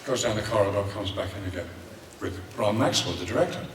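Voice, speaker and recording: A man's voice: lowish voice, lively intonation, quick pace, roomy sound, recorded from a distance, a little hiss or hum. An older man with an Irish accent, telling rambling, theatrical anecdotes as a guest on a convention panel. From Ireland. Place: large convention hall.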